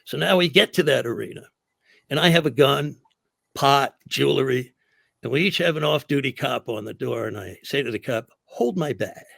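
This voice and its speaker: An older man, a comedian guest, telling animated anecdotes in a casual interview and acting out the quotes. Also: mid-range voice, gravelly, dry recording, clean studio sound.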